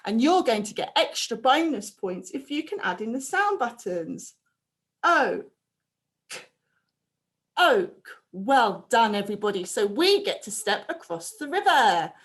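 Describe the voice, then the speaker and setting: A woman teaching a phonics lesson to young children, prompting them with slow, clear, drawn-out sounds. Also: a little high, very animated. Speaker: primary school teacher.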